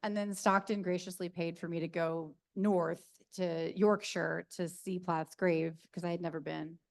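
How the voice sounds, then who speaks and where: A woman's voice: on the low side, flat delivery, unhurried, vocal fry. A middle-aged woman with a South Jersey accent, telling stories casually while answering audience questions at a reading, with lots of fillers and laughs. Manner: chatty storyteller, laughs often, many fillers. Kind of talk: casual Q&A talk. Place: university event room. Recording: Zoom capture of a room talk.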